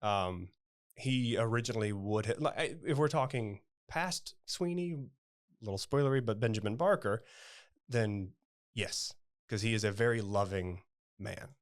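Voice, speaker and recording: Low-voiced hesitant man actor. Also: unhurried. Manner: hesitant, thoughtful, many fillers. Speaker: stage actor. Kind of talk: casual interview chat.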